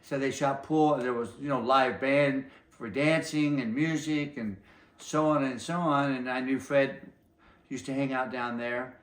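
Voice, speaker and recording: A man's voice: mid-range voice, steady tone, unhurried. An older man, a martial arts master, casually telling long anecdotes in an interview and acting out other people's lines as he goes. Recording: roomy echo.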